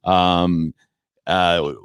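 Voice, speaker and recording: A man's voice: low-pitched, level tone, very slow, clear, resonant tone, no echo. Brash, profane man ranting on a podcast. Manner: brash, profane, mocking rants. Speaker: comedian and podcast guest. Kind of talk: casual sports talk.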